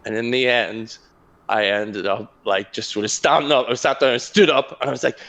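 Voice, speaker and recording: A man's voice: mid-range voice, normal speed, a bit bright. A young man co-hosting a casual podcast chat, telling a story with energy, swearing and laughing often. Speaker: podcast co-host.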